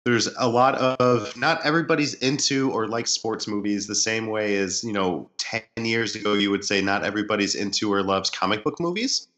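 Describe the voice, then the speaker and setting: A man with a low, forceful voice co-hosting a casual movie podcast. He thinks out loud in long, earnest explanations. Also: normal speed, hardly any pauses. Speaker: podcast co-host, screenwriter.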